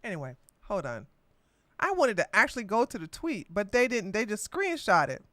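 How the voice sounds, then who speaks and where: A woman's voice: mid-range voice, big pitch swings, moderate pace, fairly bright tone, dry recording. A woman hosting a livestreamed political commentary podcast, talking in a combative, mocking way with frequent laughter. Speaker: podcast host.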